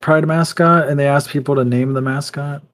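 A man's voice: fairly high pitch, fairly even intonation, moderate pace. A man in casual conversation among friends, rambling through his points and laughing at his own jokes. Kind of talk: casual chat.

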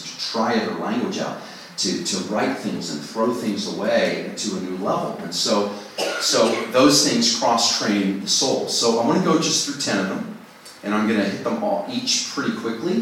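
A man's voice: lowish voice, a bit bright, slight background noise. A man giving a casual, self-deprecating songwriting talk to a group, recorded from a distance in a large room. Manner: conversational, self-deprecating, acts out inner voices. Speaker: songwriting workshop speaker. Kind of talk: informal teaching talk to a group. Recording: distant mic in a very echoey room.

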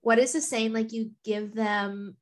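A woman's voice: fairly high pitch, fairly even intonation, measured pace. A woman co-hosting a podcast, chatting casually and rambling with lots of "like". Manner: rambling, heavy use of "like". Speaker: podcast co-host. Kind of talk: casual chat.

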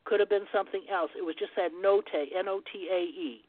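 A woman's voice: medium pitch, quick pace, no room sound. A woman guest on a phone-in radio interview, talking at length in a rambling, digressive way and ending her turns with "over". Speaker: guest rune scholar. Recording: tinny phone line, dry.

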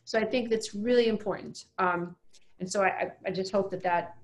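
Middle-aged woman, interview guest, emphatic and earnest, mid-pitched, repeats herself for emphasis. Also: moderate pace. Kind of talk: casual interview talk.

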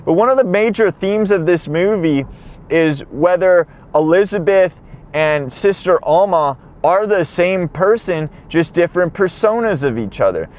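A man's voice: high-pitched, lively intonation, unhurried. A man hosting a podcast, recapping a film in a rambling, profane monologue while he drives. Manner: rambling, profane, acts out lines. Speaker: podcast host. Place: car while driving.

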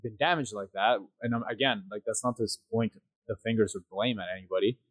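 A man's voice: on the low side, fairly quick, no echo, poor audio. A man co-hosting a podcast in casual chat, rambling with many fillers and checking in with "right?". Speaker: podcast co-host.

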